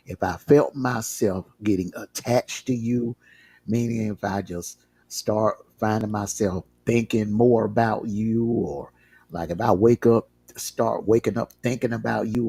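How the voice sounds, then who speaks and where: On a livestream, a man candidly recounts his own relationship story, repeating words often while he collects his thoughts. His fairly low voice is gravelly and mellow with a breathy edge.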